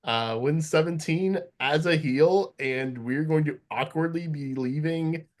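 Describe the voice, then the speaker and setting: Male podcast host; unhurried, hedging, full of ums, casual. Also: a little high. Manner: hedging, thinking aloud with many fillers. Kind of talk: casual chat.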